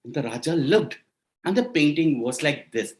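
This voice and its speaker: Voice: mid-range voice, expressive, normal speed. A speaker telling a folk tale over a video call, playful and repetitive, talking straight to the listeners. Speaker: storyteller. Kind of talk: storytelling to an online audience.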